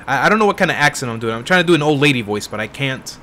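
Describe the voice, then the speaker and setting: Male streamer in his twenties, tired voice, self-deprecating gameplay chatter, mid-pitched. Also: lively intonation, very fast, few pauses, bright, forceful tone, slight background noise. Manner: self-deprecating, rambling asides. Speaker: game streamer. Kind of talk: casual gameplay commentary.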